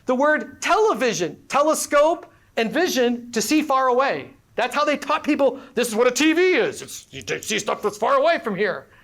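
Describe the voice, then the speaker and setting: Energetic woman workshop presenter with a high voice, playful, quizzes the crowd. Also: normal speed, few pauses. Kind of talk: interactive workshop talk to a live audience. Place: live event before an audience.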